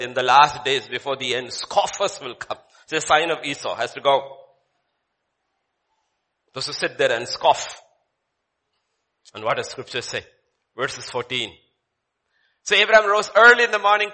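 A man preaching a sermon, dramatic, swinging between loud declaiming and hushed low lines.

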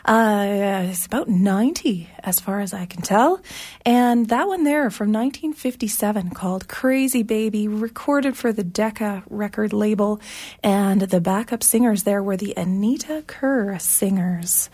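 A woman radio host chatting casually between songs, rambling with plenty of fillers, her voice a little hoarse. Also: medium pitch, darkish tone. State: slightly hoarse, losing her voice.

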